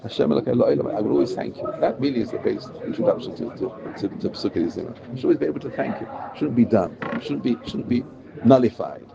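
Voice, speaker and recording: A man's voice: medium pitch, lively intonation, fast, gravelly, few pauses, muffled recording, a loud crowd. A man teaching a Torah class, translating prayer verses line by line with emphasis.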